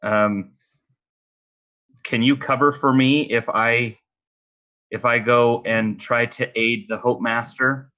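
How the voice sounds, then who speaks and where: A man's voice: mid-range voice, fairly even intonation, slow, pauses often, bright, forceful tone. A man playing a tabletop game, polite, deferential and hesitant. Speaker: player. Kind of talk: tabletop role-play. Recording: dull lo-fi mic.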